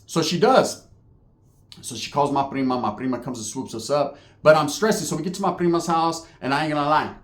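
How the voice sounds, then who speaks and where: A man's voice: fairly high pitch, a little fast. A man telling a story casually, with lots of slang and swearing. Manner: profane, slangy, animated. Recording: echoey room.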